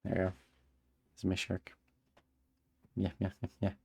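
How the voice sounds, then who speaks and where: Low-voiced male streamer narrating a game aloud, quick to break into exasperated commentary. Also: creaky, slightly rough. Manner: animated, exasperated asides. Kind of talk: reading a visual novel aloud with live commentary.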